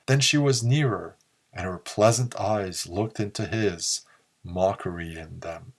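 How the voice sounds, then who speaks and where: A man narrating a pulp story in a slow, measured reading. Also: low voice. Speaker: audiobook narrator.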